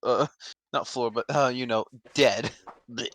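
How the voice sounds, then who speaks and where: A man's voice: medium pitch, steady tone, unhurried, a bit bright, dry recording. A man chatting casually with friends while they voice a game, joking, swearing and laughing a lot. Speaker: streamer voicing a game.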